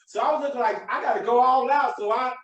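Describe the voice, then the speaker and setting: A man's voice: extremely high pitch, quick pace, recorded from a distance, lo-fi sound, noisy background. A man hosting a podcast, giving a preachy motivational talk with emphatic repetition. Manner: preachy, emphatic, repeats himself. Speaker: podcast host. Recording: echoey room, away from mic.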